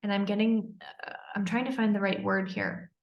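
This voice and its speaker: A woman's voice: mid-range voice, little pitch movement, moderate pace, gravelly, roomy sound, highs cut off. A woman candidly and earnestly recounting her own story in a personal storytelling monologue. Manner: candid, earnest, intense retelling.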